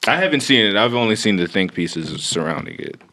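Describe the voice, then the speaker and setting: Brief: male co-host, lively pitch swings, short reactive lines. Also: brisk. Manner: brief reactive interjections, steers topics. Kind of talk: casual chat.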